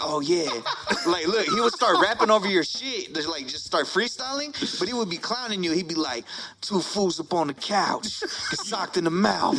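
A man's voice: high voice, low-quality recording. A man telling stories in casual chat, acting out quotes and swearing often. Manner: animated storyteller, acts out quotes, swears often. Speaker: podcast guest, rapper.

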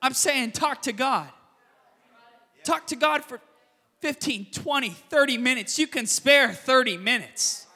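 A man preaching a sermon as pastor, telling the story with sudden loud emphasis and quiet, quick asides. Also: very high voice, big-room sound. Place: church sanctuary.

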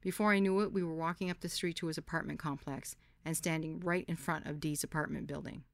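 A woman's voice: sits low, steady tone, fast talker, no echo, clean studio sound. Candid woman telling her own story. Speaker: podcast host. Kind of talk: first-person memoir narration.

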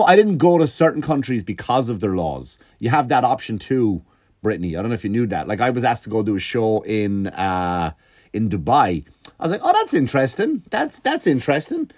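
A man doing a profane comedic rant, jumping up and down in pitch. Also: no echo, studio quality. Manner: profane, animated, swinging pitch.

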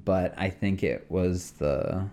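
A man's voice: sits low, slow pace, warm tone, slight background noise. A man co-hosting a podcast, reflecting aloud in casual chat and restarting his sentences. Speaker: podcast co-host. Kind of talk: casual conversation.

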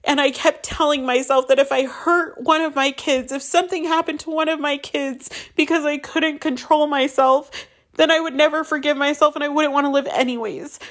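A young woman, a mother, telling her own painful story candidly, halting often with fillers and restarts. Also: high voice, steady tone, a bit bright. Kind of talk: emotional personal storytelling.

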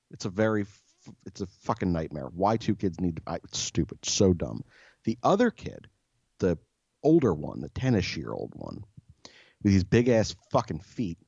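Profane ranting man, lively pitch. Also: normal speed, creaky, husky, no room sound, highs cut off. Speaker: podcast co-host. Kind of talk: casual storytelling.

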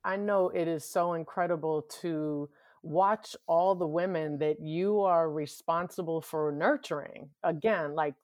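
A woman's voice: lowish voice, a little mellow, no echo. A woman hosting a podcast conversation, supportive and earnest toward her guest. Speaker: host.

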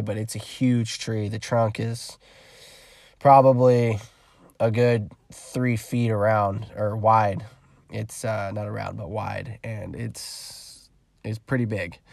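A man's voice: mid-range voice, no echo. Casual vlogger, young man, profane storyteller, dry close recording. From California. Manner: rambling, profane, animated retelling with quoted dialogue.

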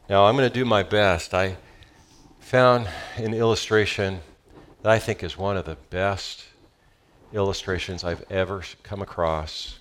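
A man preaching a sermon as pastor, animated and calling out to the congregation, then reading a story aloud with feeling. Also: deep voice. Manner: animated, calls for audience responses.

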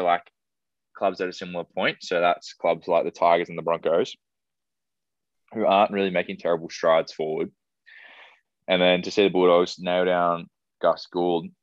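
Man, young adult, Australian accent, low voice, casual podcast host, dry lo-fi. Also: no echo. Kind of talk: casual chat. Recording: dry, dull lo-fi sound.

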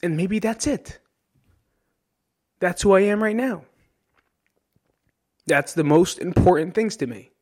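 This high-voiced man from New Jersey talks slowly, pausing often, with a darkish tone. Alone on his podcast, he's candid and emotional, swears without holding back, and closes his points with "right?"

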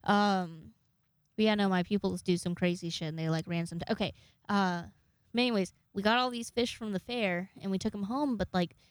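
A woman's voice: mid-range voice, fairly even intonation, fairly quick, dry recording, studio quality. A young woman in her twenties telling rambling, jokey, profane stories to camera in a casual vlog. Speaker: vlogger.

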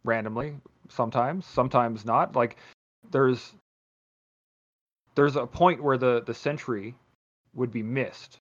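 Male host, casual and profane, tells stories with lots of restarts; average-pitched voice, dull recording. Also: slow pace, long pauses. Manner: profane, rambling, animated storytelling. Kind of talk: casual chat.

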